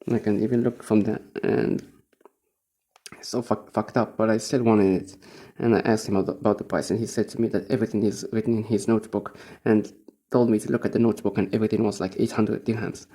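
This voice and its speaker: A man's voice: on the low side, little pitch movement, fast, warm tone. A young man from Morocco who works as a teacher, telling a rambling, profane story in a casual spoken-diary monologue and chuckling often.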